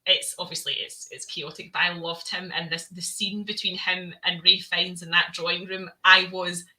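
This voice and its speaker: A woman co-hosting a podcast, chatting about films in an animated way with frequent laughter. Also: on the low side, normal speed, poor audio. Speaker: podcast co-host. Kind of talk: casual film review chat.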